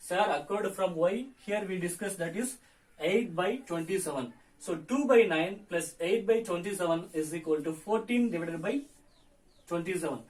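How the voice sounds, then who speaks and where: A hoarse man with a high voice works through fractions step by step in a lesson, repeating each figure as he goes. His voice sits a little away from the microphone, so it sounds distant. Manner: repetitive step-by-step explaining. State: hoarse from fever. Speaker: teacher. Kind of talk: accountancy lesson.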